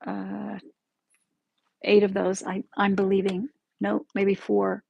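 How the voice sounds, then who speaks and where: A woman hosting a casual live-stream quilting lesson from her sewing room, chatty and friendly, often pausing to correct herself. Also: medium pitch, monotone, creaky, slightly rough, muffled recording. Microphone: camera in the room, with her stepping back from it.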